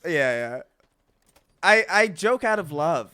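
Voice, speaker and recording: Young guy streaming games, animated, bright, jokey and sweary. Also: on the high side, slow, smooth, dry recording. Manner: joking, swearing, stumbling restarts. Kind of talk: casual gaming-stream chat.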